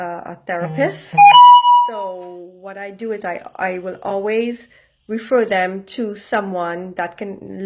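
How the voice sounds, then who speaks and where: A woman talks straight to her viewers in a loose, unscripted way, handing out life advice. She is blunt and swears casually, repeats her points and keeps checking in with a quick "okay?". Her pitch sits in a middle range. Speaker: motivational vlogger. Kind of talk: casual direct-to-camera advice.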